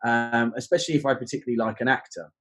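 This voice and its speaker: A man's voice: medium pitch, steady tone, very fast, faint music behind, poor audio. A man, a podcast guest who explains exam teaching in a reflective, conversational way.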